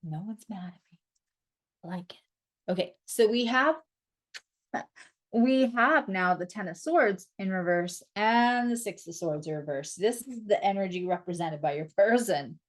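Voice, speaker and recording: A woman's voice: mid-range voice, expressive, a little slow. A woman giving a casual tarot reading to camera, blunt and sarcastic, and she swears freely. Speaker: astrologer and tarot reader.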